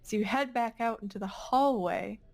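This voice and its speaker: Woman running a tabletop game, kinda high voice, loose and jokey. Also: normal speed, vocal fry, a little mellow. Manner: casual, playful, loose. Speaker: game master.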